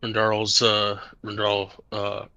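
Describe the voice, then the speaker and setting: A man narrating as game master of a tabletop game, unhurried and halting with many fillers. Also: lowish voice, completely flat delivery, pushed and bright, no echo.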